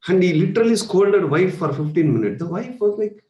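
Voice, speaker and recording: A man's voice: sits high, sing-song, fairly quick, warm tone. A man with an Indian English accent, giving a spiritual workshop talk as a meditation coach, speaking conversationally with rhetorical questions and chuckles. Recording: echoey room.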